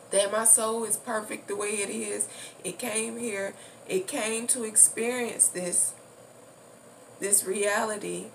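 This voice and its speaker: A woman talks slowly and reflectively about the soul, circling back over her points and dropping casual curses. She sits a bit away from the microphone, with a clear hum of background noise in the room. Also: medium pitch, fairly even intonation, distant mic. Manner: reflective, loose and repetitive, casual swearing. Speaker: spiritual vlogger. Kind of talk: casual spiritual talk.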